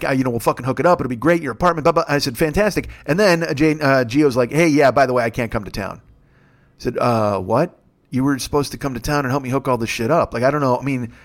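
Fast-talking profane man in his fifties. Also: a little high, fairly bright tone. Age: 50s. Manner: profane, rambling and exasperated, with rising rants. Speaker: podcast host and comedian. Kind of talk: storytelling monologue.

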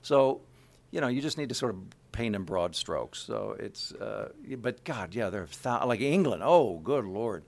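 Man, interview guest, voice actor, low-pitched, rambling, halting restarts, casual chat. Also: animated, creaky. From Kansas City, USA. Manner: rambling, halting speech with many restarts and asides.

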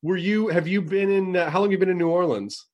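A man hosting a podcast, excitable and quick to swear while telling stories. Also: sits high, highs cut off. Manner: excitable, swears freely, animated storytelling. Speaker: podcast host. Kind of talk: casual podcast chat.

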